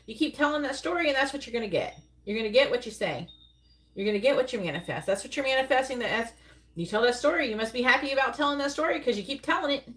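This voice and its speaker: A woman's voice: a little high, fairly bright tone. A woman giving a live-stream tarot reading, talking bluntly in a rambling way and swearing casually. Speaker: tarot reader.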